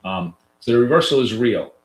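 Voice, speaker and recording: A man's voice: mid-range voice, lively intonation, a little fast. A man with a nasal voice, giving loose, chatty live trading commentary to viewers as a coach, with lots of fillers and restarts. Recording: roomy echo.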